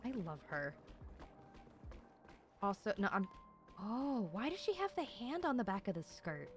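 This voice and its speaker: A young woman streaming a video game, gushing and excitable, swearing as she reacts. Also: fairly high pitch, moderate pace, faint music behind. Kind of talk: casual live-stream commentary.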